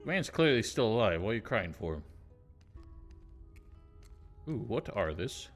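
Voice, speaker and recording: A man's voice: fairly low pitch, expressive, measured pace, long pauses, soft background music. A man streaming a game, rambling casually with wry asides. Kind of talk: casual gameplay commentary.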